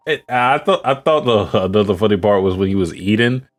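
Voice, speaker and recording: A man's voice: fairly low pitch, expressive, fairly quick. A man co-hosting a podcast in casual chat, laid-back and hesitant, with many fillers. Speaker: podcast co-host.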